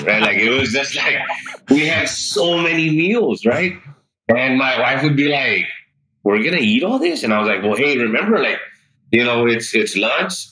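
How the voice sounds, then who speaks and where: A man on a podcast, telling his weight loss story in an animated, chatty way and peppering it with "like" and "dude". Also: medium pitch, rough recording. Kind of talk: casual interview storytelling.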